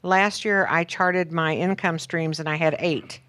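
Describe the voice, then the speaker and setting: A chatty, low-voiced woman in her seventies. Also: steady tone, unhurried, a bit bright. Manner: chatty, upbeat, wry asides. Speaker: panelist. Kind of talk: answering on a panel.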